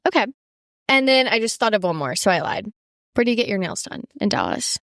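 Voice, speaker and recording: A woman's voice: medium pitch, big pitch swings, a little fast, fairly bright tone, dry recording, clean studio sound. A young woman hosting a podcast, chatting in a bubbly way with lots of affirmations and "like". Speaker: podcast host. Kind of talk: casual chat.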